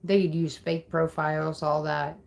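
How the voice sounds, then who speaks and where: A woman's voice: low-pitched, flat delivery, normal speed, creaky, darkish tone. Angry swearing woman streamer. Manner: agitated, swearing, threatening viewers. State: upset. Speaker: livestreamer. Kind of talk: angry livestream rant.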